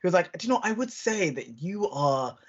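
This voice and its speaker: A young adult podcast co-host telling stories in an animated, casual way, acting out quotes and using lots of fillers. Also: mid-range voice. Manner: animated storytelling, quick acted-out quotes, many fillers. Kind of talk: casual chat. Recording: dull lo-fi recording.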